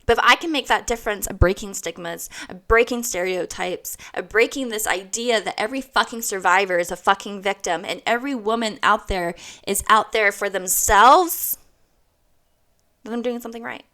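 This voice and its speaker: A woman's voice: mid-range voice, moderate pace, few pauses, sharp tone. A woman in her thirties giving a blunt, emphatic motivational monologue, swearing freely and repeating her points for weight. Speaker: host.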